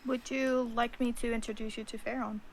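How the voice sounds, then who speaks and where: A woman playing a tabletop game, chatting casually and quickly. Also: a little high, level tone, a little hiss or hum. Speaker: player.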